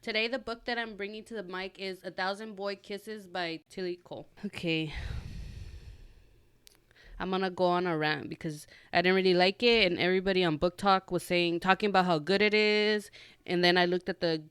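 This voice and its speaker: A young adult woman hosting a podcast, telling a story in a loose, animated ramble with lots of fillers. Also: lowish voice, normal speed, clean tone, no echo, clean studio sound. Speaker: podcast host. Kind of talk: casual chat.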